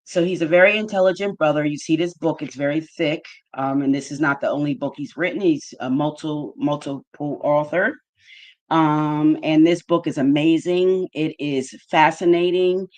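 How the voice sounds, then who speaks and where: A woman's voice: low voice, moderate pace, a little mellow. A woman hosting a casual livestream, thanking her chat viewers one by one in an effusive way. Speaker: livestream host.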